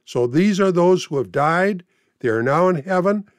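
A man preaching a sermon, reading scripture aloud and paraphrasing its pleas in a deliberate way. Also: sits high, lively intonation, no room sound.

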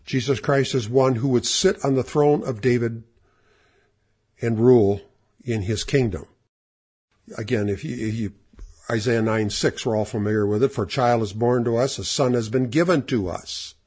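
Male Bible teacher, husky, mid-pitched, emphatic sermon delivery. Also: steady tone, a little mellow. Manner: emphatic, slows down to stress scripture phrases. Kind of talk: sermon-style Bible lesson. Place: church or classroom with slides.

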